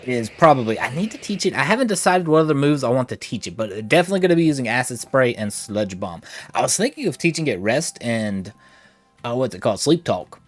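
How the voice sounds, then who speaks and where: A man's voice: mid-range voice, very animated, fairly quick, soft background music. Chatty man streaming a game, short of breath. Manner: chatty, reads chat aloud, playful asides. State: a little short of breath from allergies. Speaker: gaming streamer. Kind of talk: casual livestream chat.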